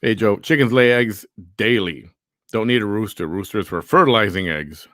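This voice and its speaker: A man with a fairly low voice hosts a casual live show, reading out viewer comments and greeting people in an easygoing way. His voice is recorded dry and close. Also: normal speed, fairly bright tone, dry recording. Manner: reads chat comments aloud, easygoing. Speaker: host.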